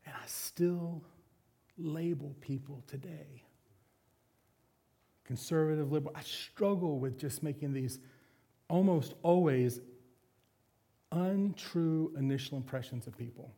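A man's voice: a little high, measured pace, long pauses, mellow, breathy edge. A man preaching a sermon as a pastor, candid and confessional with self-deprecating humor.

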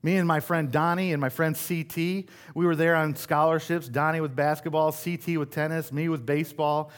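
A man's voice: fairly high pitch, fairly even intonation, moderate pace. A middle-aged man from West Michigan preaching a sermon in a conversational, self-deprecating way, asking the congregation rhetorical questions. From West Michigan, USA. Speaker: pastor.

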